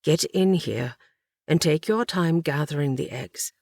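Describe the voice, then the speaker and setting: A woman narrator voicing a steady, protective grown man who gives firm, low-key instructions. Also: measured pace, vocal fry, dry recording, clean studio sound, heavily acted. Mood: tense.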